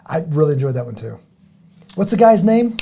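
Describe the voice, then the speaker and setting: A middle-aged man hosting a podcast in casual chat, rambling and halting, with many restarts and fillers. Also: on the high side, very animated, gravelly, dark tone, a little hiss or hum. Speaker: podcast host.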